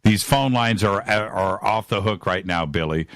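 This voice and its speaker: A man's voice: fairly low pitch, a little slow, dry recording, clean studio sound. A man hosting a live call-in radio show, enthusiastic and rambling.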